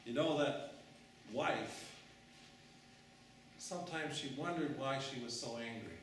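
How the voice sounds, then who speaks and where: A man's voice: mid-range voice, slow pace, a bit bright, slight background noise. A man preaching a sermon through dramatic storytelling. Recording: echoey room, mic far off.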